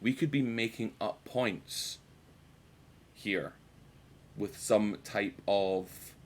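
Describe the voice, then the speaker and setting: A man's voice: lowish voice, very slow. A British man streaming a game, rambling and joking with his chat and swearing freely. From United Kingdom. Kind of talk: casual gameplay commentary.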